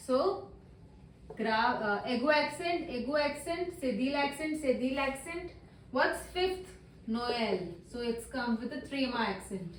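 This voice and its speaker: A woman with a slightly high voice teaches beginner French, patiently going through worksheet answers and repeating each one, her English phrasing slightly non-native. The mic is distant, picking up roomy echo and slight background noise, and she's a little off-mic.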